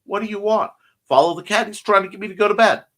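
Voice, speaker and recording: A man's voice: sits high, fast talker. A man with a slightly scratchy voice and a speech impediment, hosting a casual morning stream, chatting playfully and reading out viewer comments. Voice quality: self-described speech impediment. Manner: rambling, playful, warm toward viewers. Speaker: host.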